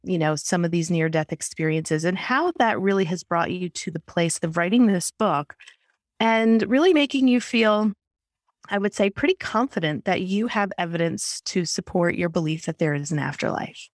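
A woman's voice: fairly low pitch, normal speed, dry recording, studio quality. A woman hosting a spiritual podcast interview, talking in an enthusiastic, chatty way. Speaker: podcast host.

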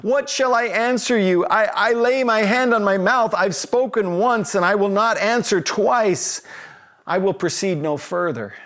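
A preacher putting on a tiny, high voice to play a humbled man who apologizes meekly. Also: measured pace, a bit bright. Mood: meek, apologetic.

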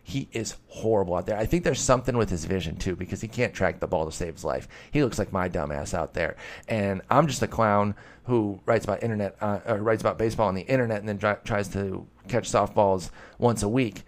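A man talks through listener questions on his own podcast. His voice sits fairly low, and he rambles loosely, often poking fun at himself and working up a mock-angry tone. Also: a little fast. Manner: rambling, self-deprecating, mock-heated sarcasm. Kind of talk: casual solo podcast talk.

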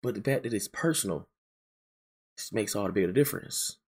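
A man teaching verse by verse through scripture, emphatic and repetitive, slowing down to read passages aloud. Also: lowish voice, lively intonation, darkish tone, breathy edge. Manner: emphatic, repeats key phrases, slows down to read scripture aloud. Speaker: preacher.

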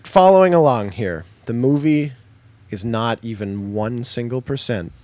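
A man's voice: mid-range voice, animated, unhurried, a little mellow, no echo. A man co-hosting a podcast in casual chat, blunt and jokey, laughing often. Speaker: podcast co-host.

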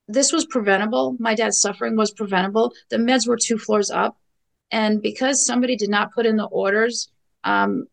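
Gravelly new lady, middle-aged, telling it blunt and emphatic with lots of ums. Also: on the high side, rough recording. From New York. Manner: blunt, emphatic storytelling with repeated phrases and fillers. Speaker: guest. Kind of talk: personal account in a podcast interview.

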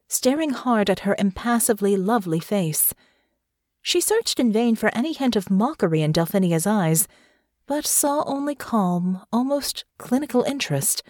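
A woman narrating a fantasy audiobook in an expressive storytelling manner. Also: medium pitch, no echo, clean studio sound. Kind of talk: scripted fiction narration.

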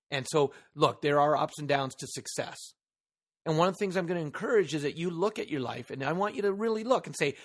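A man hosts a solo motivational podcast, talking straight into his microphone with earnest emphasis. His voice sits a little high for a man. He poses one rhetorical question after another to the listener. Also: fairly bright tone. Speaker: podcast host.

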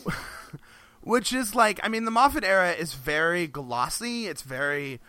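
A man's voice: sits high, lively intonation, moderate pace, pushed and bright, no room sound. A man co-hosting a podcast in casual chat, rambling with frequent restarts and laughs between phrases. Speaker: podcast co-host.

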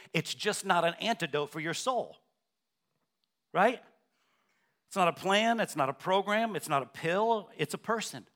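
Pastor, man, higher-pitched voice, church sermon, questions the congregation, emphatic repetition. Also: fairly bright tone. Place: church sanctuary.

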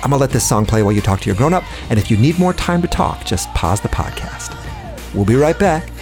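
A man's voice: medium pitch, sing-song, fast, over music. A man playing Scotty, a bubbly, chatty male host character who tells puns and talks straight to the listeners in a children's audio drama. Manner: bubbly, chatty, punny, addresses listeners directly. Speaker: show host.

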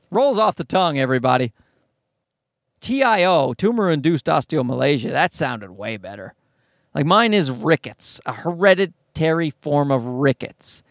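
A man's voice: fairly high pitch, gravelly, no echo, studio quality. A man performing a profane stand-up comedy monologue, telling a story and acting out other people's lines. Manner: profane, animated storytelling with voiced asides.

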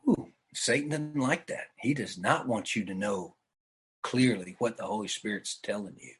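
A man's voice: fairly low pitch, moderate pace, slightly rough, rough recording. A man on a church teaching team, speaking earnestly and emphatically on a video call. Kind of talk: casual discussion on a video call.

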